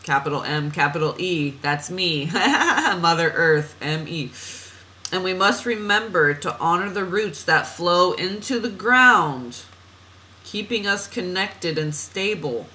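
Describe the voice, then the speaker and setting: A woman's voice: fairly low pitch, measured pace, pushed and bright, poor audio. A woman reading oracle cards for a client in a chatty, meandering way, laughing at herself and drifting off on tangents. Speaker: oracle card reader. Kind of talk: spiritual card reading monologue.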